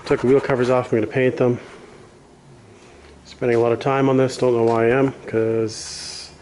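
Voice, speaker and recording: A man's voice: mid-range voice, level tone, normal speed, darkish tone, slight background noise, rough recording. A man doing a casual garage vlog as a home mechanic, blunt and self-deprecating, swearing now and then, out of breath at times.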